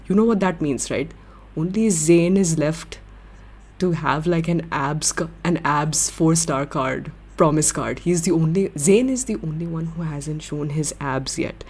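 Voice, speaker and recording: A young woman hosting a livestream, chatting with viewers in an excitable, giggly way. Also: sits low, slightly rough. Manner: excitable, giggly, gushing fan talk. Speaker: livestream host. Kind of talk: casual chat with viewers.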